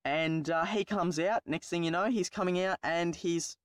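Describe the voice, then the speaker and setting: A man's voice: on the high side, moderate pace, no room sound. Young Australian man, rambling and swearing. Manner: rambling, profane, self-mocking. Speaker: YouTuber telling a personal story. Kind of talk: casual storytelling vlog.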